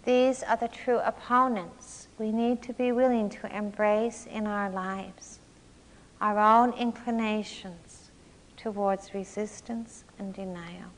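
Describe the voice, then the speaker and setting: A woman meditation teacher giving a slow, reflective dharma talk with long pauses. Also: medium pitch, fairly even intonation, in a large hall. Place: large meditation hall.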